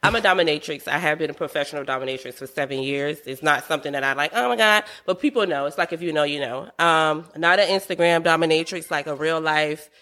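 A woman from Savannah, Georgia talks as a podcast guest, chatty and animated. Her voice is bright and forward, and laughter runs through her stories. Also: sits low, fast talker, few pauses. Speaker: musician and guest. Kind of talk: casual interview chat.

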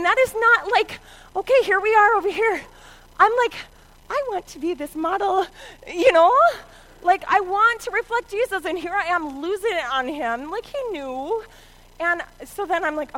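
Brief: middle-aged woman storyteller, bright high voice, dramatic shouts and hushed asides. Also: expressive, normal speed, slight background noise, poor audio. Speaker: mother telling a story. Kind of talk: animated personal storytelling.

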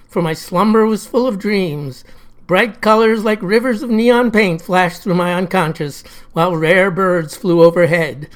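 A woman tells a comic first-person story in a folksy, old-fashioned way. Her phrasing is drawling and down-home. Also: mid-range voice. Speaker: narrator.

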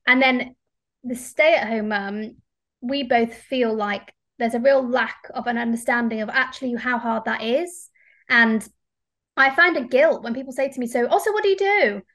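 Woman, 30s, candid podcast co-host, higher voice, chatty and frank. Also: unhurried. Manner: chatty, candid, animated when ranting. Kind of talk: casual podcast chat.

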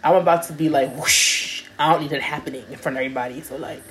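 In rapid-fire casual talk, a young woman with a low voice recounts a story. Laughing, she animatedly acts out the quotes of people involved.

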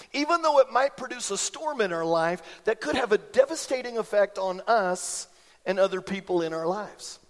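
A man in his forties preaching a sermon in church, an animated storyteller who acts out the voices in his anecdotes. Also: high voice, long reverb tail. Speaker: pastor. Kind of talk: sermon with personal stories. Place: church sanctuary.

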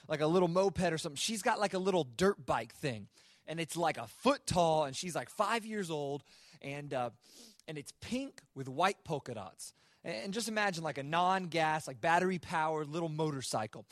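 A man's voice: on the high side, a bit bright, no echo, studio quality. Conversational young man preaching with humor. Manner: conversational, self-mocking humor, many fillers. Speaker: speaker at a student worship service. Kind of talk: sermon with personal storytelling. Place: live worship service.

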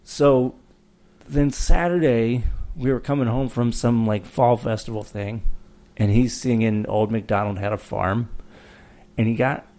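A man's voice: medium pitch, steady tone, unhurried, dark tone. A man in his thirties co-hosting a podcast, telling a rambling story in casual chat and laughing along as he goes. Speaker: podcast co-host.

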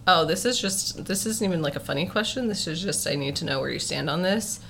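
A woman's voice: fairly low pitch, expressive, a little fast, creaky, a bit bright, a little hiss or hum. A woman podcast host asking playful questions in a casual interview, laughing often.

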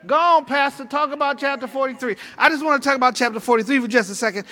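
Fervent male preacher, very high and bright voice, repetitive call-and-response delivery, AAVE flavor. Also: fast talker. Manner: preaching with call-and-response fervor, repeats phrases. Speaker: pastor. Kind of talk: sermon.

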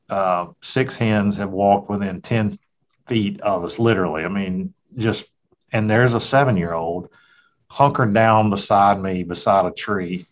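A middle-aged man, a hunter and father, telling a folksy, reflective story in a casual conversation. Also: lowish voice. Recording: dull, lo-fi sound.

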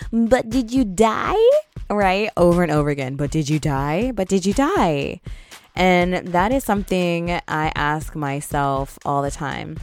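Lower-pitched woman hosting a candid chat podcast. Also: clear, resonant tone. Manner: chatty, candid, emphatic with pitch jumps. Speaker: podcast host. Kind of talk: casual solo podcast talk.

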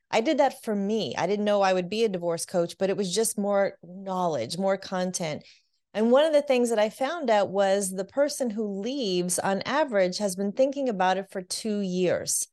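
A woman working as a divorce coach, speaking candidly in an interview and telling her story with lively acted quotes. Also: mid-range voice. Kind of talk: interview conversation.

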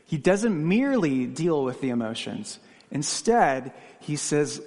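A man's voice: fairly high pitch, big pitch swings, measured pace, darkish tone, big-room sound. A man preaching a sermon, asking the congregation questions and telling stories from his own life. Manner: questioning, earnest, personal anecdotes. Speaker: pastor.

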